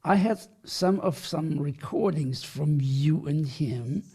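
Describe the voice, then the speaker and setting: A man hosting a podcast, asking his guest questions in a slow, measured way. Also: on the high side, warm tone, husky. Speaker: podcast host. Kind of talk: interview questions.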